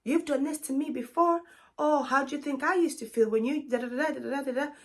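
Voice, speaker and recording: A woman's voice: high-pitched, a little fast, voice pushed up. Woman mimicking a whiny, defensive boyfriend. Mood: indignant. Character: defensive boyfriend, a man deflecting blame.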